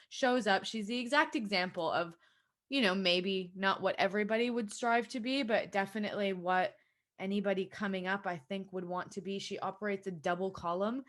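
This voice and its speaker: An Australian woman in her thirties hosts a podcast, talking casually and a little rambling. Her pitch sits in an ordinary middle range. She sounds enthusiastic and unscripted. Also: fairly bright tone. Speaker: podcast host.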